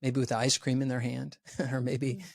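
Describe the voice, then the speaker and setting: A man's voice: medium pitch, flat delivery, normal speed, creaky, no echo, studio quality. A man giving a podcast interview as a resilience educator, talking with energy and acting out the voices of the people he quotes. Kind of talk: animated podcast talk.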